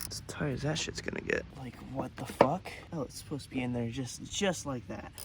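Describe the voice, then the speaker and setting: A man's voice: medium pitch, a little fast, creaky, noisy background. Frustrated young man swearing over car repairs. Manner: frustrated, swearing, muttering to himself. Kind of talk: profane self-filmed repair vlog. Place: outdoors working on a car at night.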